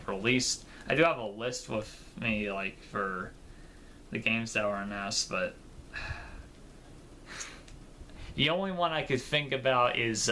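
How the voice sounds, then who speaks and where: Man, gaming vlog commentary; bright, loose, rambling delivery with a faint noise floor. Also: medium pitch. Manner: rambling and informal, with fillers and casual swearing. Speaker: gaming video creator.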